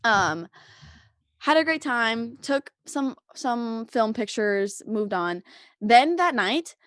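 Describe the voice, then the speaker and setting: A woman's voice: a little high, lively intonation, slow pace, fairly bright tone, dry recording, studio quality. A young woman co-hosting a podcast, telling a long story in casual chat, full of "like" and laughter. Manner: rambling storyteller, heavy use of "like", frequent laughter. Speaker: podcast co-host.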